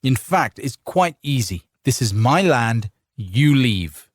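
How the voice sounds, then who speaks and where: A hot-tempered farmer in a fantasy audiobook, stubborn and blustering, as a man acts him out. He shouts in a raised, strained voice full of swings in pitch. The sound is dry and close, with a husky edge. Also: sing-song, slow pace, no room sound. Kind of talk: audiobook character voice.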